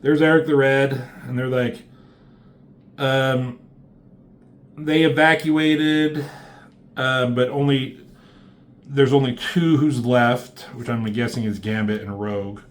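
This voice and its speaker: A man's voice: mid-range voice, steady tone, slow pace, pauses often. A man casually recapping a comic book issue as a reviewer, rambling and offhand, swearing freely.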